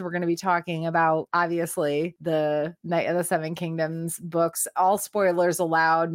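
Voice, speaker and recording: A woman's voice: fairly low pitch, dry recording, clean studio sound. A woman co-hosting a casual chat, rambling and laughing as she talks through her panel schedule. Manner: giggly, rambling, laughs while talking. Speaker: podcast co-host and convention panelist. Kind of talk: casual chat among friends.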